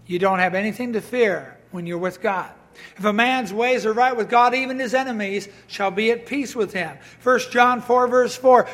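A man with a strikingly high voice preaching a sermon. He tells stories, quotes voices, and reads scripture aloud. His delivery builds into emphatic, raised bursts. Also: normal speed, fairly bright tone.

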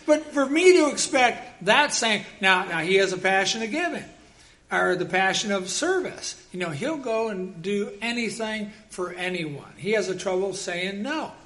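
A man preaching a sermon as pastor, telling personal stories in a lively way and bursting into loud acted quotes. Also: sits high, normal speed.

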